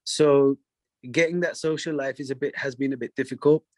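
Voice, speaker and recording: A man's voice: medium pitch, steady tone, brisk, darkish tone, no echo. A man from the UK speaking as an interview guest, casual and hesitant, with many fillers and restarts.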